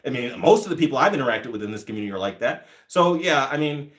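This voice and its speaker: A man's voice: medium pitch, animated, fast talker, fairly bright tone. Blunt, profane man in his thirties ranting. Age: 30s. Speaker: channel host answering live chat. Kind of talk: casual livestream chat.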